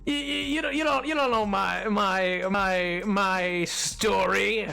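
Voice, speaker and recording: A man's voice: high-pitched, slow pace, gravelly, pushed and bright, smooth, faint music behind. Man streamer riffing casually; restarts and stammers, self-mocking, desk mic. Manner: rambling, stammering self-deprecating banter. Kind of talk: casual gameplay commentary. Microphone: desk microphone.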